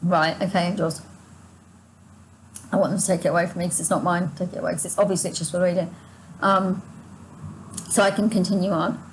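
A woman with a low-ish voice and steady tone gives a spontaneous tarot reading to her viewers, speaking briskly but pausing often, restarting and going off on asides. Her throat is sore and her breath short, and she sighs and yawns as she reads over slight background noise in a rough recording.

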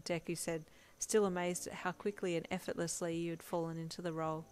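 A woman reading a fanfiction story aloud in steady, gentle second-person narration. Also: on the low side, brisk, few pauses. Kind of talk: scripted narration.

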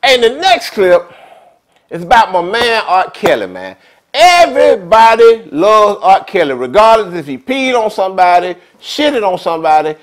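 A man hosts a vlog in a casual, storytelling style. His voice sits very high and swings widely in pitch. He talks in a chatty, animated, streetwise way. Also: normal speed, low-quality recording. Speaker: vlog host.

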